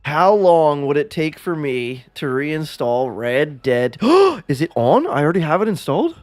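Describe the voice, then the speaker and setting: A man's voice: on the high side, animated, moderate pace, soft background music. Give me a rambling, self-deprecating male streamer. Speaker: livestreamer. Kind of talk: casual chat.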